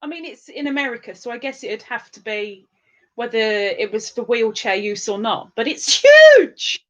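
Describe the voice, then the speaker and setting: A woman's voice: fairly high pitch, steady tone, moderate pace, fairly bright tone, muffled recording. A woman with a sore throat, chatting casually and self-mockingly on a livestream as she reads out viewer comments. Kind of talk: casual chat.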